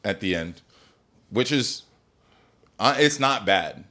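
A man in casual chat on a podcast, telling stories in a profane, animated way. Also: lowish voice, takes it slowly. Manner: profane, animated storytelling with laughter.

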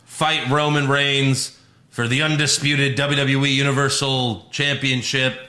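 A man's voice: mid-range voice, level tone, measured pace, bright, forceful tone, echoey room. A man co-hosting a casual wrestling podcast, recapping matches with swearing and playful mock quotes. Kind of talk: casual chat.

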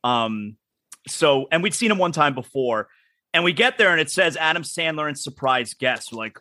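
A man hosting a radio talk show, telling stories in an animated way and acting out what people said. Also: fairly high pitch, normal speed, no room sound, clean studio sound. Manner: animated storytelling, acts out quotes. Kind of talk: casual talk show banter.

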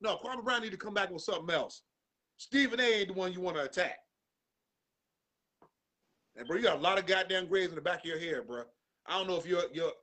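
A man with a high, bright voice rants about sports on a podcast. He is loud and profane and full of slang, and now and then he bursts into a shout. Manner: animated, breaks into shouts. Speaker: podcast host. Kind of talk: comedic sports rant.

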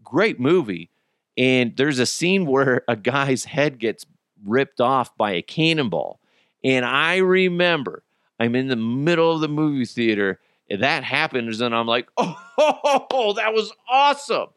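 A man's voice: a little slow, smooth, no echo. Guy ranting on his podcast, swears a lot, laughs at himself, voice jumps all over, dry close sound. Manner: animated, swearing, laughing at his own stories, acts out bystanders in high voices. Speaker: podcast host. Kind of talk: casual solo podcast rant.

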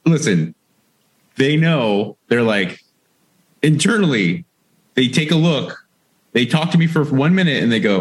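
A man's voice: medium pitch, animated, a little slow, long pauses. A man co-hosting a casual chat, goofy, playful and jokey. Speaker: podcast co-host.

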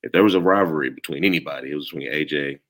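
A man's voice: very deep voice, rapid-fire, a bit bright. A man with a Southern country accent, chatting casually as a podcast guest in a laid-back, rambling way full of "you know.". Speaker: former player, podcast guest. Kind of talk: casual chat.

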